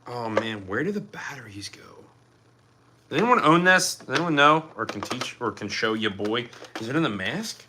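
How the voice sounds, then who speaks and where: Very bright-voiced chatty male streamer. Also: medium pitch, animated, moderate pace, slight background noise. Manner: rambling, distracted, chatty while fiddling with props. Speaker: live streamer. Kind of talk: casual live-stream chat to viewers.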